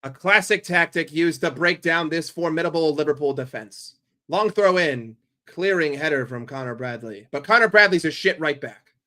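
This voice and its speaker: A man gives live football commentary on his watchalong stream, sarcastic and full of swearing. His voice sits somewhat high with a very bright, forceful edge. He drops into low grumbling and then bursts into loud yells. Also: normal speed. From New York. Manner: profane, sarcastic and excitable, swinging from grumbling to yelling.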